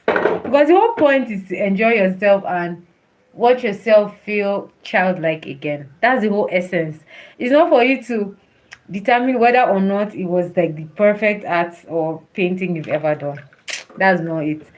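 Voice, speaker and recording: A woman's voice: medium pitch, expressive, moderate pace, low-quality recording. A woman talking casually and encouragingly to a follower, laughing often as she talks. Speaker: host.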